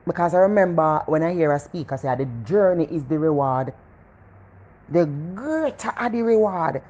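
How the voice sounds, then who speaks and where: A middle-aged woman with a Jamaican accent giving a casual motivational talk, animated and preachy, repeating phrases for emphasis. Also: on the low side, moderate pace, lo-fi sound. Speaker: motivational vlogger.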